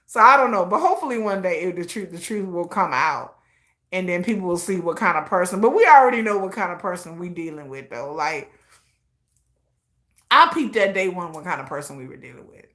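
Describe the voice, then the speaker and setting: Her voice is on the low side yet bright and forceful as this woman hosts a laid-back commentary stream, talking a little fast. She chats in a spirited, slangy, gossipy style and laughs often.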